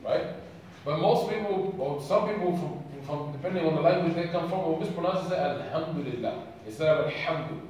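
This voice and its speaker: A man's voice: a little high, brisk, darkish tone. Man preaching in an echoey hall. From Sudan. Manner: engaging, asks audience questions. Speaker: camp speaker. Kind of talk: religious talk to youth. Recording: echoey hall, distant mic.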